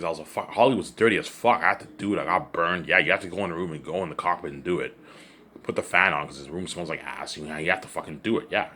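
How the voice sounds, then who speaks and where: A man's voice: deep voice, bright, forceful tone, a little hiss or hum. A man rambling in a casual solo monologue, repeating himself and often adding "you know what I'm saying.". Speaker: vlogger.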